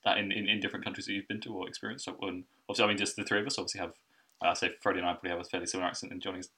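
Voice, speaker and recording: A man hosting a podcast, chatting casually and telling stories in a quick, animated way with laughs. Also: low voice, husky. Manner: rapid, animated storytelling with laughs. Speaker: podcast host. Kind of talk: casual chat. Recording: distant from the mic.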